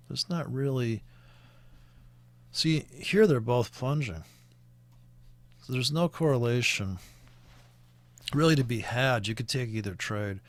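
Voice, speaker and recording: In a casual screen-share, a Canadian-accented man walks through currency charts, rambling with many fillers and restarts. His mid-range voice is a bit bright, and there's no room sound; he's a forex trading commentator.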